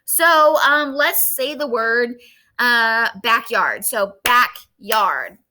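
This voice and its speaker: A woman's voice: a little high, slow pace, noisy background. A woman teacher giving a recorded lesson to students, talking to them directly and stressing key points. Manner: lively, emphatic, talks straight to students.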